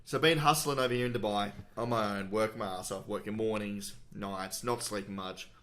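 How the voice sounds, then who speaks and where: A young man with a fairly low voice chats on a casual podcast. He tells his story plainly and matter-of-factly, with some casual swearing. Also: normal speed, crowd noise. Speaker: podcast co-host. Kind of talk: casual chat.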